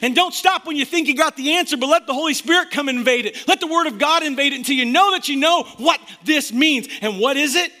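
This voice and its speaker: Fired-up pastor with a bright, high voice. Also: male voice, quick pace, few pauses. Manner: impassioned, swings between loud emphasis and quiet intensity. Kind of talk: sermon. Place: church.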